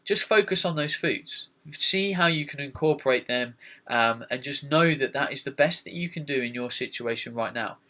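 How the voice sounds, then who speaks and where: A man hosting a casual podcast, giving practical advice in a relaxed way. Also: medium pitch, normal speed. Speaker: podcast host.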